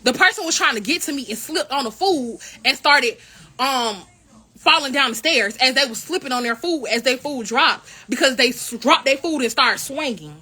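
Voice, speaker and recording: A young woman, a member of a college royal court, telling an indignant, animated story in a casual vlog. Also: sits high, normal speed, slightly rough. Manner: animated, indignant retelling with quoted dialogue.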